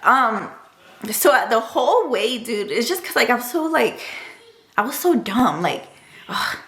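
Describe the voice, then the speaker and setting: A woman's voice: fairly high pitch, sing-song, unhurried, a bit bright. A young woman casually telling a personal story to camera, chatty and emotional, full of "like" and "dude". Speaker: vlogger. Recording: roomy echo.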